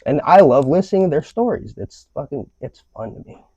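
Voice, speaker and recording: Profane, rambling man with lively pitch. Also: fairly quick, no echo. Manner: profane, rambling ranting delivery. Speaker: podcast host. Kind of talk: casual podcast chat. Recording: slightly dull lo-fi audio.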